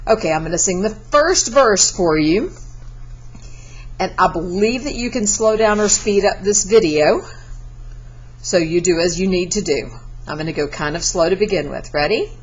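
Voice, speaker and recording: A woman's voice: mid-range voice, husky, dull audio. A Spanish teacher. She gives a recorded class lesson in a chatty, encouraging way and breaks into sung verses.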